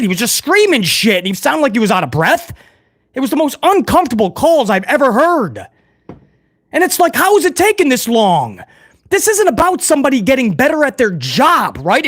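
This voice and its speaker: A man's voice: very high-pitched, sing-song, moderate pace, fairly bright tone, no echo, clean studio sound. A man hosting a wrestling news channel, talking casually and bluntly to his viewers and calling them guys. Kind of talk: casual opinionated commentary to viewers.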